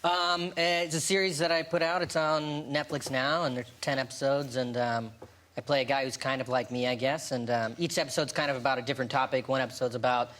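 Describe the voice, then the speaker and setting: A man's voice: medium pitch, steady tone, brisk, a bit bright. A man, a laid-back talk show guest with many ums and likes. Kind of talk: casual anecdotes.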